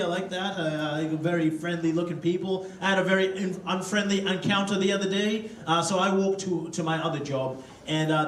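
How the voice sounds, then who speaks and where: High-voiced man doing stand-up in a roomy club. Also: fairly bright tone, slight background noise. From Africa. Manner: loose, profane, chatty with the crowd. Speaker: stand-up comedian. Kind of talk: stand-up routine. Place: comedy club stage. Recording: roomy hall, distant mic, crowd laughter. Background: audience laughter.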